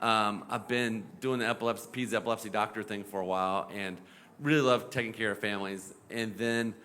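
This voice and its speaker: Middle-aged doctor guy on a panel, bright clear voice, rambly and animated, lots of likes and ums. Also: on the low side, a little fast, a little hiss or hum. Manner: animated storyteller, mimics voices, many fillers. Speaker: pediatric epilepsy doctor. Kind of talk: casual panel talk. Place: event panel.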